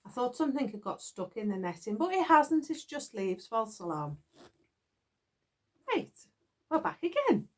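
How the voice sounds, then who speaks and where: Middle-aged UK woman, chatty craft vlogger, giggly and rambling, fairly high, very animated pitch. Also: normal speed, long pauses. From United Kingdom. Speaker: knitting vlogger. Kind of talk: casual chat to viewers. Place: garden shed.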